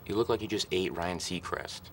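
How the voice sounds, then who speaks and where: An actor improvising a string of deadpan insults as a wisecracking man in a film comedy outtake. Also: sits low, brisk. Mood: deadpan mocking.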